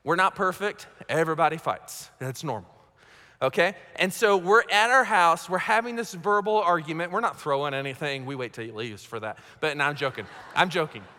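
A man's voice: a little high, brisk, bright, forceful tone. A man preaching a sermon as pastor, conversational and self-mocking, often checking in with his listeners. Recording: long hall reverb.

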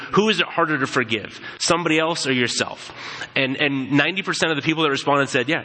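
A man's voice: medium pitch, pushed and bright. A man preaching a sermon in a casual, conversational way, telling stories and acting out quoted voices as he goes. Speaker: pastor. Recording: long hall reverb.

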